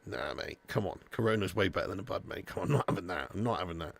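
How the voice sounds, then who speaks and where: A man's voice: low-pitched, lively intonation, rapid-fire, vocal fry. A man hosting a live football watch-along, chatting casually with viewers and calling them mate and lad. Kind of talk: casual live-stream chat.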